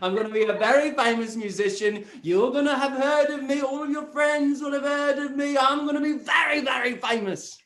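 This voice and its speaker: A man's voice: very high voice, steady tone, brisk, few pauses, a bit bright. A man playing a boastful Christmas spirit in a roomy hall. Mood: coaxing. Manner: boastful, coaxing, calls people love. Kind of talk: drunken improv stage comedy.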